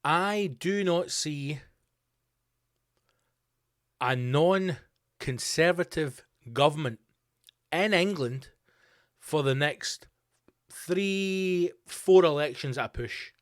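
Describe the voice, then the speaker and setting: A man's voice: on the high side, very slow, long pauses, no room sound, studio quality. A man hosting his own podcast, delivering a sweary, sarcastic comedic rant. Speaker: podcast host. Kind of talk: ranting comedic monologue.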